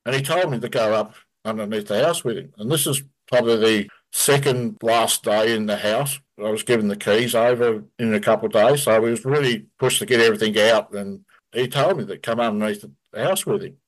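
A man's voice: on the low side, brisk, rough recording. Australian man telling a ghost story. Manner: vivid storyteller who acts out quotes. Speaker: guest. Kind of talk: casual storytelling.

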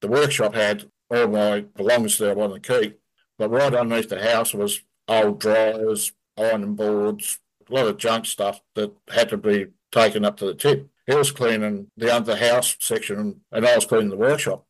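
A man's voice: fairly low pitch, steady tone, moderate pace, low-quality recording. An Australian man, a guest, telling a story casually and vividly. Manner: vivid storyteller who acts out quotes.

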